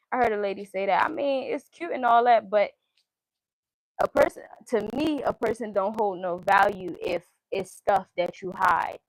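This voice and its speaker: A woman's voice: mid-range voice, moderate pace, no echo, poor audio. A woman giving a casual tarot reading, listing card meanings in a chanting cadence and speaking her mind bluntly, with frequent swearing. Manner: blunt and outspoken, swears freely. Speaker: tarot reader.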